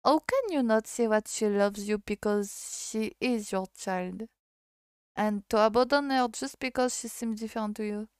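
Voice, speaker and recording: A woman's voice: medium pitch, normal speed, smooth, no room sound, studio quality, close to an everyday voice. A woman with a French accent reading the part of a protective grown man in a game, scolding a pair of parents with indignation. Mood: outraged. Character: protective, outraged adult male neighbor.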